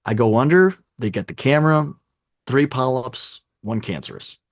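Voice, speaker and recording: Guy on a podcast, lively storyteller, does the other people's voices, dead dry mic. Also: mid-range voice, moderate pace, no echo. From Chicago. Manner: animated storyteller, acts out dialogue. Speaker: podcast guest. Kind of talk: casual podcast chat. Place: home room with sneaker collection.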